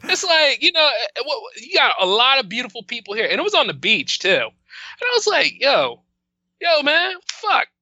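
A man's voice: extremely high pitch, wildly swooping pitch, brisk, pushed and bright, highs cut off. A man from Delaware on a casual podcast, ranting animatedly with laughs. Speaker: podcast guest.

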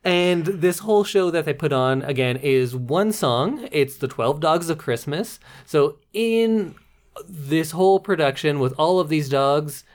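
Woman co-host, sarcastic and playful, very deep voice with a lot of lilt. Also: expressive, a little slow, darkish tone. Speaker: podcast co-host reviewing movies. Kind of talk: casual chat.

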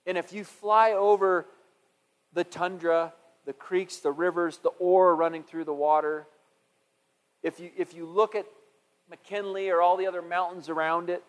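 Male pastor, fairly high voice, impassioned sermon, booming hall echo. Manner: impassioned, swings from loud to hushed. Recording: long hall reverb.

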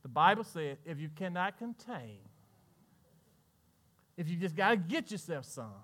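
Southern preacher man, bright sharp voice, jokes n back-and-forth with the pews. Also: on the high side, big pitch swings. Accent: Southern American. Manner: preaching with call-and-response asides and laughter; voices imagined congregants in quick back-and-forth. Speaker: pastor. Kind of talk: sermon.

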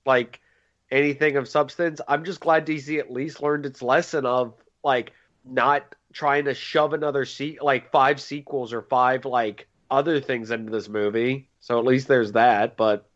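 A man's voice: medium pitch, steady tone, measured pace, fairly bright tone, highs cut off. A man chatting casually about a film with wry, dry humor. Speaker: podcast co-host. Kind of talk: casual film review chat.

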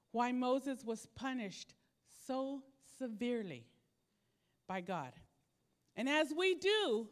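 A woman's voice: high-pitched, fairly bright tone. A woman preaching a sermon with emphatic, direct appeals to her listeners.

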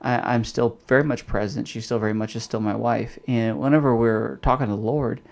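A man's voice: mid-range voice, steady tone, a little fast, vocal fry, darkish tone. A young adult man hosting a casual podcast on faith, explaining loosely with plenty of fillers. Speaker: host.

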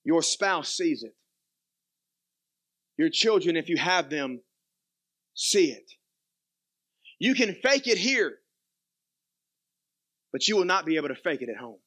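Young male pastor, bright high voice, animated sermon delivery with quiet asides. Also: moderate pace, pauses often. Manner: animated preaching, swings from quiet asides to loud emphatic peaks.

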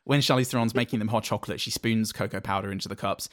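A man's voice: on the low side, fairly even intonation, quick pace. A man co-hosting a casual podcast, chatting about a film in a hesitant, rambling way with sweary banter. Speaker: podcast co-host.

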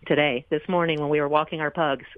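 A woman's voice: low-pitched, fairly even intonation, brisk, dry recording. A woman calling in to a radio show, hesitant, with nervous laughs. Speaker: caller. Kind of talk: phone call to a radio show. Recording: tinny phone line.

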